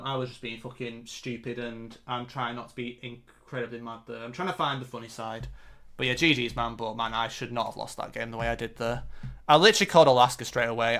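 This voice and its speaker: A man's voice: mid-range voice, bright, forceful tone. A man giving live commentary on his own competitive game, frustrated and self-critical. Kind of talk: live-streamed match commentary.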